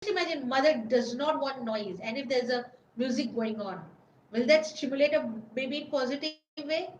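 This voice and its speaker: A woman's voice: high-pitched, normal speed, echoey room, slight background noise, poor audio. A woman hosting a parenting webinar, answering viewers' questions in an earnest, instructive way. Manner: earnest, instructive, speaks directly to expectant mothers. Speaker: prenatal parenting webinar host.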